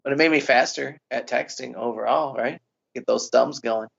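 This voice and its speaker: A man's voice: medium pitch, normal speed, gravelly, slightly rough, dull audio. A man co-hosting a comedy podcast, rambling and hesitant in casual banter. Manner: rambling, hesitant, lots of restarts. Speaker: podcast co-host.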